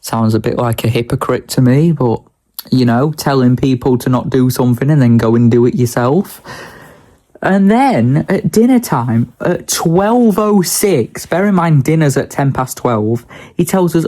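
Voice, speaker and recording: A man's voice: mid-range voice, expressive, a little slow, dark tone. A young man, talking casually and bluntly in a daily vlog, ranting with a lot of swearing. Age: young adult. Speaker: vlogger.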